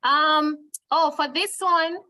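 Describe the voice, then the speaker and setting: A woman with a Jamaican accent teaches an online Spanish lesson over a video call, patiently repeating words for her students. Her voice is high and sharp in tone, slow, with fairly even intonation.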